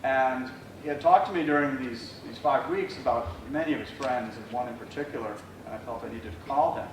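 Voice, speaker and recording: A man speaking at his father's memorial service in a plain, measured way. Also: medium pitch. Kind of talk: memorial speech. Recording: very echoey hall, distant mic, noisy room.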